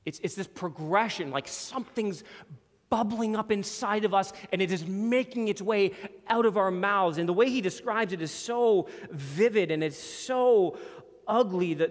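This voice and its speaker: A man preaching a sermon in a church hall with a screen behind him, earnest and emphatic, slowing down to read scripture. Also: sits high. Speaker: pastor.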